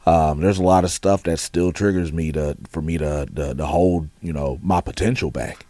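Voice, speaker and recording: Low-voiced man, halting casual talk. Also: steady tone, mellow, no echo. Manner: halting, many restarts and fillers, drops his voice at the end of lines. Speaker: podcast co-host. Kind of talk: casual podcast chat.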